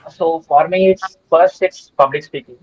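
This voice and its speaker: A man's voice: a little high, moderate pace. A young man, a student guest in an interview, answering plainly with some fillers. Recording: dull dry lo-fi sound.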